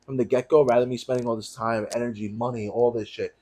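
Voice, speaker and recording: A man's voice: mid-range voice, fast. A young man with a New York accent, co-hosting a podcast in casual chat, telling his stories bluntly and with plenty of swearing. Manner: blunt, profane, animated storytelling. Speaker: podcast co-host.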